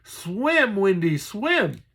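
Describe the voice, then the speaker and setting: A man's voice: sing-song, normal speed. A man doing a frantic young farm boy. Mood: urgent. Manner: high, loud, urgent shouting.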